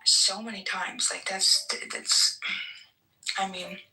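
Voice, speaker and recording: A woman's voice: mid-range voice, little pitch movement, slow pace, sharp tone, far from the mic, faint music behind. A woman chatting casually as a guest, rambling with fillers and restarts. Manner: rambling, many fillers and restarts, laughs often. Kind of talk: casual chat. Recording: echoey, off-mic.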